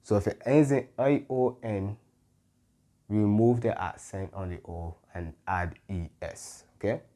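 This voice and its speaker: A man teaching a Spanish grammar lesson, patient and careful, often pausing with "mm-hmm" and correcting himself. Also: lowish voice, dark tone. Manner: patient, stops to self-correct, frequent "mm-hmm" fillers. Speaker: Spanish tutor.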